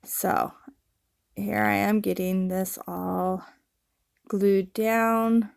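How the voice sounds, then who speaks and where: Slow gravelly-voiced woman crafting. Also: medium pitch, no echo, clean studio sound. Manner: slow, relaxed, with many ums and uhs. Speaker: scrapbooking channel host. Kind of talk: casual craft voice-over narration.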